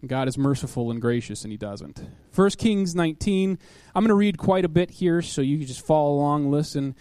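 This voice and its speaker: A man's voice: fairly high pitch, lively intonation, a little fast, dark tone, smooth, no room sound. A man preaching a sermon in a conversational way, asking his listeners questions and reading scripture aloud. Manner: conversational, asks the audience questions.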